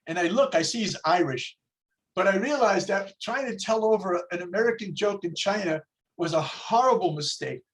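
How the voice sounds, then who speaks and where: A man teaching a religious class over a video call, telling jokes and asking rhetorical questions. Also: sits high. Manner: slow, storytelling, rhetorical questions.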